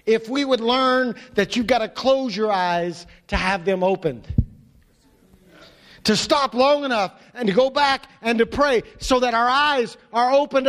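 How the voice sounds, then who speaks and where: A male pastor preaching with a very high voice, stressing words by repeating them and sweeping from hushed lows to ringing highs. His sermon rolls through a hall with long reverb. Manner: impassioned, repeats words, drops low and rises high for emphasis.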